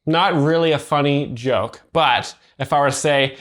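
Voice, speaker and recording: Dry guy explaining jokes, halting, lots of ums, a bit high voice. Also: fairly bright tone. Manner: halting, dry, many fillers. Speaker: comedy explainer host. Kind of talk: deadpan commentary.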